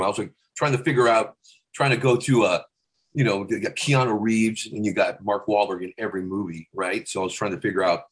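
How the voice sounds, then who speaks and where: A male comedian chatting on a podcast, his words tumbling out at a fast clip. He keeps breaking into snatches of celebrity voices mid-sentence, the whole delivery loose and animated. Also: lowish voice. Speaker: comedian and impressionist. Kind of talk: casual chat. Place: podcast studio.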